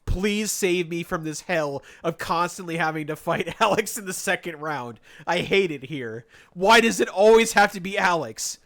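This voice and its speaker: Bright-voiced, animated male streamer. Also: sits high, moderate pace, few pauses. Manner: animated, sarcastic storytelling, laughs often. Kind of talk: casual stream chat while gaming.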